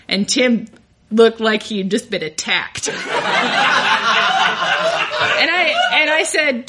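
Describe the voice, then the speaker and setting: A woman's voice: a little high, expressive, unhurried, pauses often, background noise. A young adult woman telling a candid, self-deprecating personal story, often laughing through her lines.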